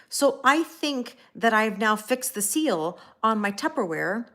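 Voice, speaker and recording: A woman's voice: a little high, animated, a little slow, fairly bright tone. A woman hosting a casual live stream. She rambles through a story, laughs at herself, and greets chat viewers by name as she goes. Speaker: livestream host and tarot reader; schoolteacher.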